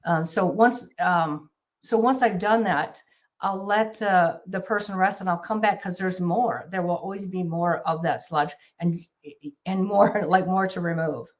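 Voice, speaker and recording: A woman speaking as a guest exorcist in a casual interview, earnest and halting with frequent restarts, on a remote video call. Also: on the low side.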